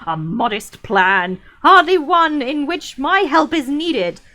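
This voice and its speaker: A woman voicing a furious, scornful old male wizard, pitched high and loud with a shrill, mocking, screaming delivery. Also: expressive, slow, exaggerated voice. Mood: scornful rage. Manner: mocking and sneering.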